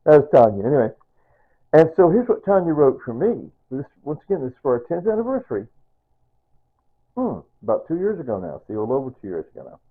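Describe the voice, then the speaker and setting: Older man, rambling, sentimental, lively pitch, tinny phone-like sound. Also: fairly quick, husky. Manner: rambling, sentimental, repeats himself. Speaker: vlogger. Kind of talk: casual personal vlog.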